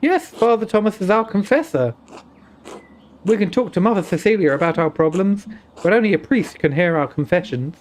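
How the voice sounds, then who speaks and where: A man's voice: high voice, expressive, normal speed, a little hiss or hum. A man voicing a young nun who survived an attack, reading her lines in a put-on Welsh accent. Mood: sorrowful. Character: traumatized young nun, quiet and guarded.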